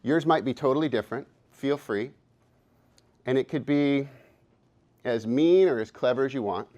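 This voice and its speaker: A man's voice: mid-range voice, normal speed, dark tone, muffled recording. A man in his fifties giving a live workshop talk, upbeat and encouraging, playful with the audience. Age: 50s. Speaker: workshop presenter and coach. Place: conference workshop room.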